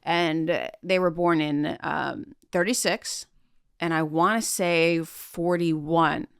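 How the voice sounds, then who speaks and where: A woman's voice: sits low, fairly even intonation, slow pace, creaky, clean tone, no echo, clean studio sound. A woman with a General American accent, co-hosting a casual chat and explaining things in a lecturing way. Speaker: podcast co-host.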